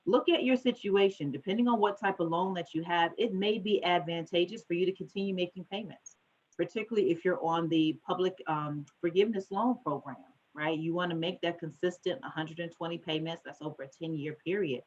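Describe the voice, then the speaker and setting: Woman, financial advisor at a conference, animated and quick when excited; muffled lo-fi recording. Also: fairly low pitch. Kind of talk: conference talk.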